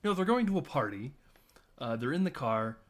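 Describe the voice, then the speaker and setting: A man's voice: medium pitch, normal speed. Male podcast host, casual film recap, keeps slipping into voices for the characters. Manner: animated, acts out character lines in mimicking voices; laughs often, lots of "like" and "uh".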